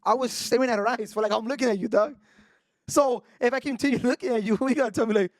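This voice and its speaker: A man's voice: very high-pitched, fast talker, no echo, clean studio sound. A young man telling a story on a podcast, casual and profane, switching between Spanish and English slang. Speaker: podcast co-host.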